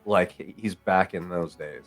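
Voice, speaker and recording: A man's voice: low-pitched, unhurried, soft background music. A man narrating as game master, casual and rambling, calling players mate.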